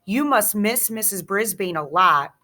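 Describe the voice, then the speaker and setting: A woman reading the part of a gentle, sympathetic schoolgirl who speaks softly and consolingly. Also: medium pitch, lively intonation, unhurried.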